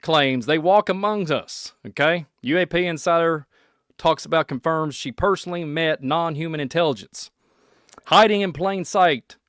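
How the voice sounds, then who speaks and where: Excitable Kentucky man podcasting. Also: on the high side, normal speed, no echo, studio quality. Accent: Kentucky Southern American. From Kentucky, USA. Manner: excitable, laughing, puts on silly voices. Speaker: podcast host. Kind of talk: rambling solo podcast monologue.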